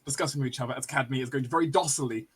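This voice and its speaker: A man narrating a tabletop game as game master, relaxed and explanatory. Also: mid-range voice, rapid-fire, breathy edge.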